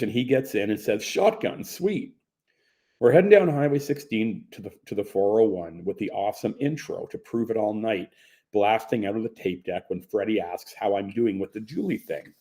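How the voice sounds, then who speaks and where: A man reading a first-person story aloud in a relaxed storytelling way. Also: on the low side, a little fast. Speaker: narrator. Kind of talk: first-person audiobook narration.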